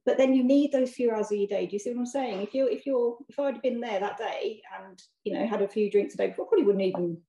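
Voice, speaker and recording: A woman's voice: fairly high pitch, quick pace, few pauses, dark tone, roomy sound, low-quality recording. An English woman in her forties, a podcast guest chatting casually over a video call, laughing often and checking "you know what I mean?". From England. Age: 40s. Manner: chatty, laughs often, many repeated tag questions. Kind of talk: casual chat.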